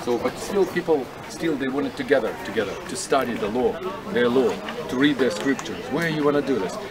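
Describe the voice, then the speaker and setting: A man guides a tour group outdoors at a historic site, his medium-pitched voice expressive and a little fast. He explains casually and asks his listeners questions, recorded outdoors with crowd chatter in the background.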